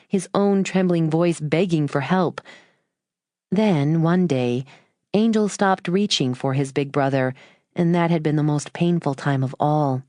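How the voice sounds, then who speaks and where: Low-voiced woman reading an audiobook. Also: darkish tone, dry recording, studio quality. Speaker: audiobook narrator. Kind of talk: scripted audiobook narration.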